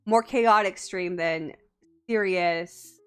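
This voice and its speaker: A woman's voice: fairly low pitch, takes it slowly, clean tone, faint music behind. A woman from the United States, a VTuber streamer, chatting casually and playfully, teasing and giggling often. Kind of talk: casual live-stream chat.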